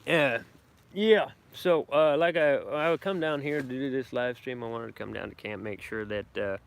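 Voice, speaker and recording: A man's voice: medium pitch, normal speed, creaky, slight background noise. A middle-aged man, rambling brashly and profanely on a casual live stream from his woodland camp. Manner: brash, profane, boastful country talk. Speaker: bushcraft vlogger doing a live stream.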